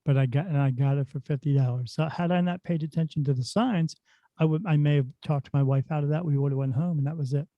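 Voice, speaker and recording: A middle-aged man, a spirit medium guest on a podcast, telling stories in a lively, casual way. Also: a little high, fast talker, no echo. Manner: animated storyteller who acts out dialogue. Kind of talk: casual storytelling in a podcast interview. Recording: dull, dry lo-fi sound.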